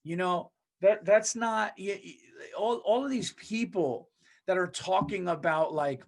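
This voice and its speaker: Male podcast host with a slightly high voice, casual comedic rant, heavy swearing, emphatic delivery. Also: unhurried. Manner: ranting, profane, emphatic.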